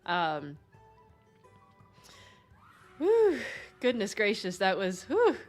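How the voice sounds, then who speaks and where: A woman's voice: mid-range voice, lively intonation, a little slow, a bit bright. A young woman hosting a livestream, gushing and effusive as she thanks donors over and over, often laughing. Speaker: livestream host. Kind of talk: casual livestream chat. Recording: faint background music.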